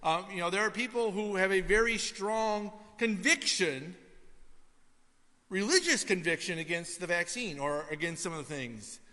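High-voiced, bright male pastor preaching. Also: moderate pace. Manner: conversational preaching, frequent "right?" asides, swings from hushed to loud. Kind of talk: sermon. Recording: hall reverb.

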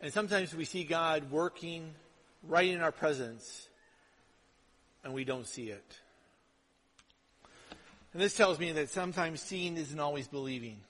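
Preaching unhurriedly with long pauses, this pastor's voice sits on the high side and is a bit bright. His sermon is chatty and informal, frequently checking in with the congregation by asking "right?" The recording carries long hall reverb.

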